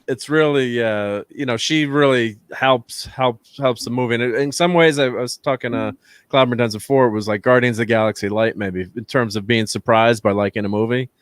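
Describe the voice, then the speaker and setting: A man's voice: mid-range voice, normal speed, clear, resonant tone, no echo, studio quality. A man hosting a casual movie review chat, rambling and laughing often. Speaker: host.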